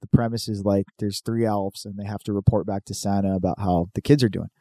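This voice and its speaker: A man rambles through a casual chat, swearing freely and getting animated as he retells comedy sketches. His voice is mellow and dark. The sound is dry and close. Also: fairly low pitch, fast, dry recording.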